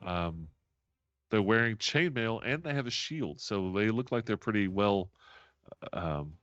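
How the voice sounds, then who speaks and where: A man with a low, very lively voice runs a tabletop game as game master. He narrates attacks and counts out moves with bursts of laughter. The sound is dry and a little dull. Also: unhurried, no echo.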